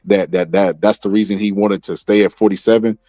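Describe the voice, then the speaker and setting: Low-voiced man doing boxing commentary. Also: brisk, no room sound, clean studio sound. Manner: animated, streetwise slang, repeats phrases. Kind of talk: casual reaction commentary.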